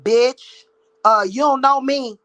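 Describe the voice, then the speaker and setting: A woman's voice: high voice, takes it slowly, fairly bright tone, rough recording. Psychic lady ranting at her viewers, blunt and cussing a lot. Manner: blunt, profane, heated. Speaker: psychic reader and spiritual practitioner. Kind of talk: ranting vlog monologue.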